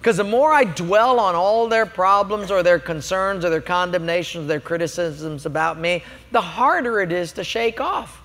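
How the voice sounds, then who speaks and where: A man's voice: high voice, moderate pace, hardly any pauses, fairly bright tone, in a large hall. A man preaching a sermon as a pastor, emphatic and humorous, telling stories to make his points.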